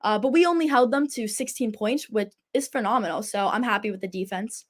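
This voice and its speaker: A woman's voice: fairly high pitch, fairly quick. A teenage girl hosting a casual sports talk show, chatty and enthusiastic. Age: teens. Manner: chatty and enthusiastic, laughs often. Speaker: host.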